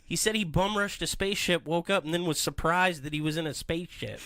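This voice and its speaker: A man hosting a podcast, telling stories in an animated, rambling way in a casual comedic chat. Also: a little high, fast, dry recording. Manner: animated, rambling storytelling with voices. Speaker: podcast host.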